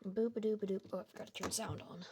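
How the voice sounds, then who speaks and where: A woman's voice: fairly low pitch, a little slow, gravelly, a crowd in the background. A woman casually narrating a silly game story in a rambling, self-correcting way.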